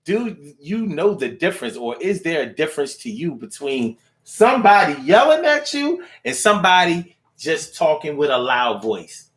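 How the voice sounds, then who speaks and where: A man's voice: a little high, big pitch swings, moderate pace, few pauses, fairly bright tone. Loose-talking slangy male call-in host. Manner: loose, street slang, sings the phone number. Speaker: radio show host. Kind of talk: casual call-in talk show.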